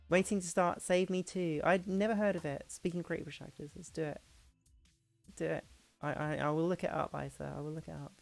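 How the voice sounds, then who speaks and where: A woman streamer in a casual hangout chat, talking fast and loose with frequent laughs and restarts. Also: low-pitched, steady tone, gravelly, faint music behind. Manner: chatty, laughing, restarts sentences.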